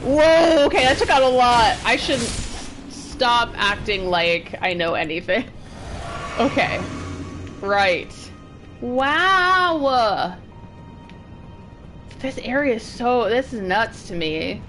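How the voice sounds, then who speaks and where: A young woman streaming a game from her desk mic, reacting with excited, gushing chatter. Her fairly high voice leaps up and down as she talks, and soft game music plays under her. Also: takes it slowly, long pauses. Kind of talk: live gameplay commentary.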